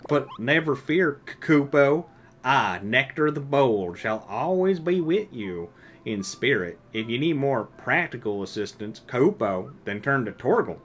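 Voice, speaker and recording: A man's voice: medium pitch, expressive, measured pace, fairly bright tone, slight background noise, pitched above the performer's own voice. A man putting on a chirpy little moogle. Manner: sing-song, ends lines with kupo. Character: small chirpy male moogle creature, bold. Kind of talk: reading game dialogue aloud in a put-on voice.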